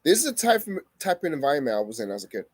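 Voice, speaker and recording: A man's voice: a little high, big pitch swings, racing, breathy edge, dry recording. A young man vlogging a heated personal story, swearing often and repeating himself for emphasis. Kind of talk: emotional personal storytelling to camera.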